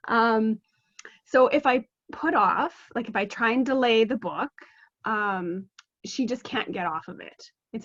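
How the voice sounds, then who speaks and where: A woman with a slightly high voice asks a question, hesitant and full of ums. Her audio comes through a dull, dry, lo-fi video call. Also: unhurried, a bit bright, no room sound. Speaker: caller, mother of a three-year-old. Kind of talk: asking advice on a call.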